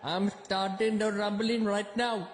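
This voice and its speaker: A man's voice: high-pitched, level tone, unhurried, echoey room. Eren Yeager, a man dubbing him with an Indian English accent. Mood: ranting. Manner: melodramatic, declaiming commands. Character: brooding young male anime rebel, ranting. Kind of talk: parody anime dub.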